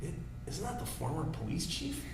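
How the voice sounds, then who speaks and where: A man's voice: a little high, sing-song, normal speed, very echoey, far from the mic, noisy background, pitched above the performer's own voice. A man voicing a groggy woman, woken at her door, who snaps and swears at a canvasser. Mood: angry. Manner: snapping, swearing.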